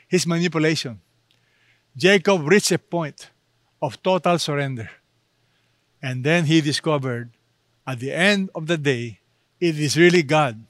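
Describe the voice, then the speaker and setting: A man preaching a sermon, slow and emphatic, with dramatic pauses between phrases. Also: fairly high pitch, fairly bright tone, no room sound. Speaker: pastor.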